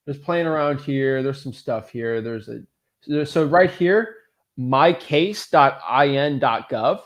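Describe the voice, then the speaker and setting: A man hosting a casual live coaching Q&A, talking in a loose, rambling, upbeat way with lots of fillers. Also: mid-range voice. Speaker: real estate wholesaling coach and host.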